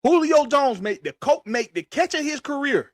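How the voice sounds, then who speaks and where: Host, male, high voice, heated profane rant, dry close sound. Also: very animated, normal speed, no room sound. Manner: profane, emphatic, repetitive ranting. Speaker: podcast host.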